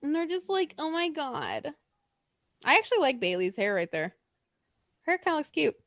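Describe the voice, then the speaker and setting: Casting: excitable woman co-host, high voice with big swings in pitch, dry close sound. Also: moderate pace, no echo. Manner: swearing, excitable, laughs often, lively and chatty. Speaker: podcast co-host. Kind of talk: casual chat.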